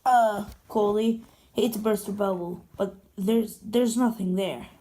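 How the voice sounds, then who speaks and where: A woman's voice: medium pitch, fairly even intonation, measured pace, mellow, close to an everyday voice. A woman voicing a skeptical male steam engine who brushes things off with teasing. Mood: dismissive. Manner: dismissive, teasing.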